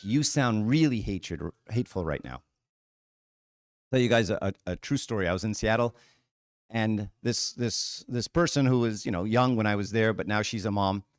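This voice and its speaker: A man's voice: medium pitch, clear, resonant tone, no echo, clean studio sound. A man giving a conversational talk at church, frank and casual, often checking in with "right?" and "okay?". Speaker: church speaker.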